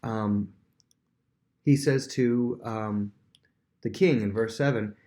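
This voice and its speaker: A man's voice: lowish voice, takes it slowly, warm tone. A man who is a worship leader, teaching a casual Bible lesson with everyday examples and frequent restarts.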